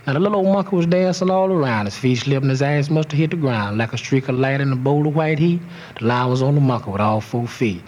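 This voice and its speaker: Brief: male storyteller, middle pitch, rhythmic rhymed recitation with lots of cursing. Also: fast talker, darkish tone, a little hiss or hum. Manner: rhythmic rhyming delivery, heavy cursing. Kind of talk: reciting a rhymed profane folk toast.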